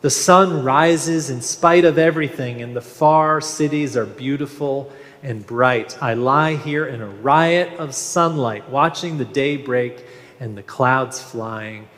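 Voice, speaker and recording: A man preaching a sermon as minister, slow and measured with gentle humor. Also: mid-range voice. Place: large church sanctuary. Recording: long reverb of a large hall.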